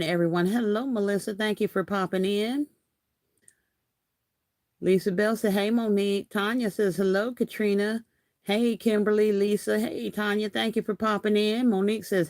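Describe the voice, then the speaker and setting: A woman's voice: mid-range voice, no room sound, clean studio sound. A woman in her fifties hosting a casual craft live stream, chatty and laughing often as she reads viewer comments aloud. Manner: chatty, laughs often, says y'all a lot. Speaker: craft channel host.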